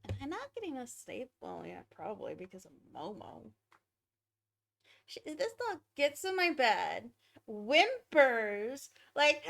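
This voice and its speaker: A young woman streaming a game, chatting easily and giggling while she talks to her pets. Her voice is high, and she speaks at a slow, unhurried pace. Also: very animated, creaky, fairly bright tone. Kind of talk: casual chat during a game stream.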